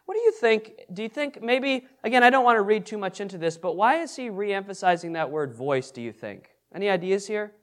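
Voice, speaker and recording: A man's voice: sits high, big pitch swings, a little fast, hardly any pauses, a bit bright. A man teaching an interactive Bible study, asking the group questions and repeating their answers. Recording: echoey room with background noise.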